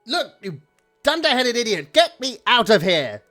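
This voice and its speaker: A man's voice: extremely high pitch, wildly swooping pitch, extremely slow, bright, forceful tone, breathy edge, soft background music, pitched above the performer's own voice, full character voice. A man voicing a sneering, scheming green creature, tall and lanky, who insults everyone. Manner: scornful and insulting.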